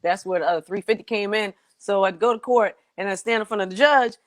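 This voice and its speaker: Talking fast in a mid-range voice, with no echo on the recording, this guest singer tells a funny story with great energy. She laughs as she goes and acts out the different voices.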